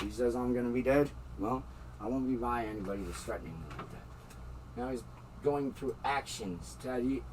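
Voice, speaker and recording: A man's voice: medium pitch, a little mellow. Man, angry swearing rant, distant mic, faint background hum. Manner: agitated, swearing, heated. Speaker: tenant in a dispute. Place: bedroom at home.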